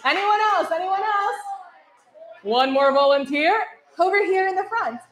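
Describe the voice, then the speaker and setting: A young woman visiting as a radio presenter guides schoolchildren through tongue twisters in a school hall, upbeat and encouraging and laughing often. Her very high, bright, animated voice keeps a measured pace, and the echoey hall carries children's chatter plus a little hiss or hum.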